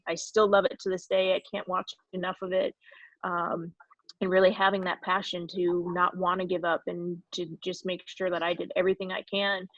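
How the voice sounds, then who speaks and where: A woman's voice: fairly low pitch, flat delivery, moderate pace, a bit bright, no echo. Woman, 40s, from California, reflective guest storytelling, dull lo-fi sound, dead dry. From California, USA. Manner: reflective, frequent ums. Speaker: guest former pro soccer player. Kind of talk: answering questions, storytelling.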